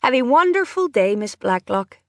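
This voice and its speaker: A woman voicing a young female ship hostess who speaks in a brisk, polite and firm way. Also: fairly high pitch, very animated, dry recording, studio quality, voice pushed up. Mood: politely firm.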